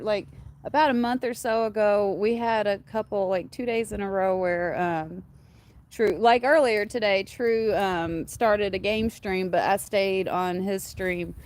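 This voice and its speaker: A woman hosting a casual livestream outdoors. She rambles, uses many fillers and coos to her dogs. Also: medium pitch. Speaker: livestream host. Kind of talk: casual chat with viewers.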